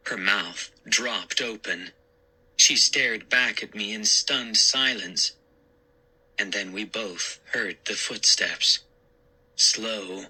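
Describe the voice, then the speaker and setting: A man narrating a scary story in a slow, deliberate, suspenseful way. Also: on the low side, pushed and bright, slightly rough, low-quality recording. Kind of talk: scripted horror story narration.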